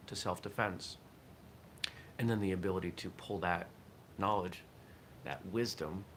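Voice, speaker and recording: A man with a low, deep voice hosts a casual morning livestream and talks his thoughts through as they come. His tone is bright and forceful. A faint hiss sits under the recording. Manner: reflective, thinks aloud with restarts. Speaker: host of a martial arts morning show.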